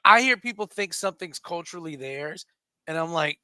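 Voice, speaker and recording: A man's voice: fairly high pitch, lively intonation, fairly quick, pushed and bright, clear, resonant tone, dry recording. A man co-hosting a comedy radio talk show, telling jokey stories and acting out the voices he quotes. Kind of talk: casual comedy radio banter.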